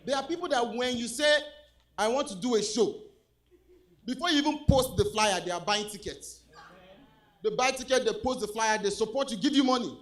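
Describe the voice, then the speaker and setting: A Nigerian man with a Nigerian accent doing a stand-up comedy set on stage, animated, swinging between loud punchlines and low asides. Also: moderate pace. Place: comedy club stage with a live audience.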